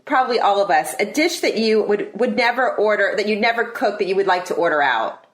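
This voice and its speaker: A woman hosting a casual interview, laughing easily and chatting warmly. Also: medium pitch, lively intonation, fairly quick. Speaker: interview host.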